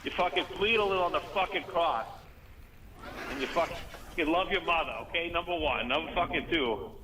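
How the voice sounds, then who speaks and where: A man's voice: a little high, brisk, pushed and bright, a little hiss or hum, low-quality recording. A man doing a foul-mouthed guy. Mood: ranting. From Boston. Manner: profane, stammering, rambling. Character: crude foul-mouthed Boston man, emotional, rambling. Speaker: caller. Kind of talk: comedic character call-in.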